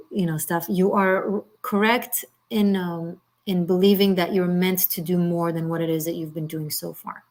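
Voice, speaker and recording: A woman giving a live tarot reading, talking in a rambling, halting way with many fillers and restarts, gently reassuring and at times moved close to tears. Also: lowish voice. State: emotional, near tears. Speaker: tarot reader.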